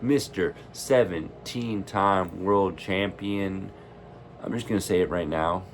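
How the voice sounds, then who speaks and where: A man's voice: low-pitched, takes it slowly, slight background noise. A man casually ranting in a reaction vlog, rambling and opinionated. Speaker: wrestling fan vlogger.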